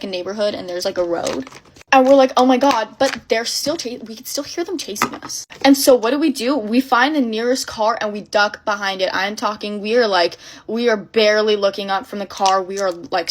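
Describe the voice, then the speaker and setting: A young adult woman in a casual storytime, telling a tale in an animated, breathless way full of filler words. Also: mid-range voice, a little hiss or hum.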